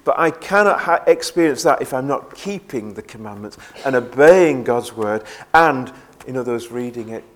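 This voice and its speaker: A man's voice: mid-range voice, expressive, normal speed, few pauses. A man preaching a sermon in an earnest way, often repeating words as he presses a point.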